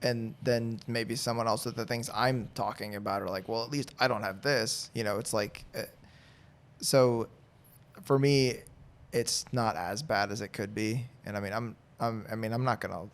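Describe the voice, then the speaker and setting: A man's voice: lowish voice, steady tone, normal speed. A man in his thirties, a guest on a podcast, talking candidly in a rambling, casual way with lots of fillers. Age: 30s. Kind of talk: casual chat.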